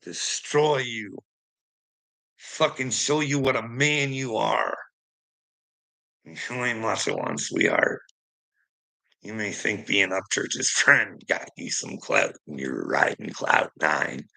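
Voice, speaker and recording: A man's voice: fairly low pitch, sing-song, slow pace, vocal fry, sharp tone, low-quality recording. A man delivering a heated, profane rant to his viewers, confrontational and swearing constantly. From Canada. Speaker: streamer.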